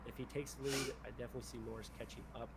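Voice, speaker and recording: A man's voice: mid-range voice, flat delivery, rapid-fire, very noisy. A man streaming a game, chatting casually and rambling, leaning on "definitely" over and over. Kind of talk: casual chat while gaming.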